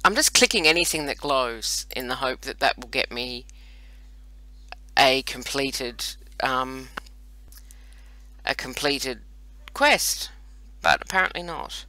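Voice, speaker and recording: A woman's voice: a bass voice, expressive, slow pace, long pauses, bright, forceful tone, dry recording, low-quality recording. A woman hosting casual gameplay commentary, rambling and chatty with self-mocking asides, recorded on a computer microphone. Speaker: host playing a browser strategy game.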